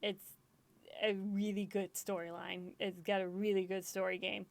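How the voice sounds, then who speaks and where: A woman's voice: medium pitch, little pitch movement, normal speed, vocal fry, darkish tone. A woman gaming streamer in casual chat, rambling, swearing often and laughing easily, self-deprecating and emotional.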